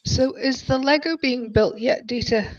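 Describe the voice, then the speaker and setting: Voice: high voice, unhurried, dry recording. A speaker in casual banter on a livestream, teasing the others. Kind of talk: casual chat on a modelling stream. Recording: dull lo-fi mic.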